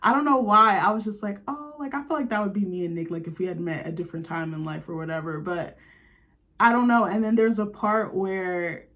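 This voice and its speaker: A woman's voice: medium pitch, fairly even intonation, fairly quick, fairly bright tone. A young woman vlogger, chatting in a gushing, chatty way and full of "like". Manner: gushing, chatty, lots of "like", laughs. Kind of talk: casual chat to camera.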